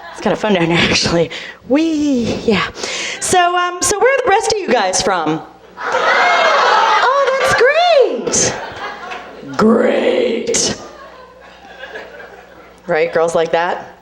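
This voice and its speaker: A woman from Boston performing a stand-up comedy set, talking fast and making fun of herself. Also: high-pitched, huge pitch swings, a crowd in the background. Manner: rapid, self-mocking, acts out other people's voices. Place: comedy club stage. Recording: live club set with loud audience.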